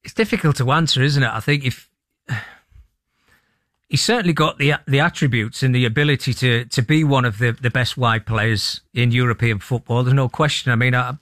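A man speaking as a football pundit on radio, thoughtful and halting, with frequent restarts. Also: medium pitch, a bit bright, no echo, clean studio sound. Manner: thoughtful, many restarts and ums. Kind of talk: sports radio discussion.

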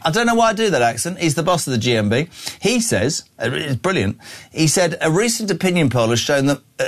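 An older man from the UK hosting a breakfast talk radio show, opinionated and emphatic. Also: fairly high pitch. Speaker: radio host.

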